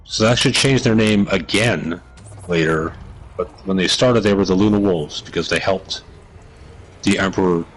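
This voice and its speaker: A man's voice: sits low, moderate pace, rough recording. A man co-hosting a casual chat, explaining game lore in a hesitant, rambling way with many restarts. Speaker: co-host.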